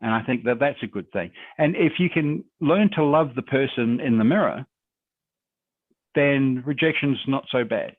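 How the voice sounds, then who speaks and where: A man's voice: medium pitch, moderate pace, no echo. A man speaking as a guest on a video call, giving conversational, encouraging advice on public speaking and answering questions reflectively. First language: English. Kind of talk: webinar Q&A advice. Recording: dry, tinny phone-like call audio.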